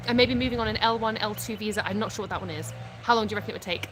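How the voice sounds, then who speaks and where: A woman's voice: medium pitch, very fast, hardly any pauses, sharp tone, soft background music. A British woman from the UK hosting a casual live stream at home, reading viewer comments aloud and answering them frankly, often laughing. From United Kingdom.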